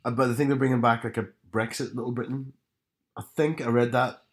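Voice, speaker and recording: A young man with a soft, rural Northern Irish accent chats casually as co-host of a podcast. His voice sits in an ordinary middle register, and he jumps into stories with relaxed, chatty energy. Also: mid-range voice, a little fast. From Northern Ireland. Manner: chatty, retells sketches with put-on voices. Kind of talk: casual chat.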